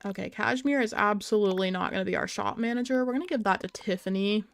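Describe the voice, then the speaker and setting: A chatty young woman live-streams a game, casually reading out and answering her viewers' chat. Her voice is mid-range with vocal fry, and she talks fast. Faint music plays behind her.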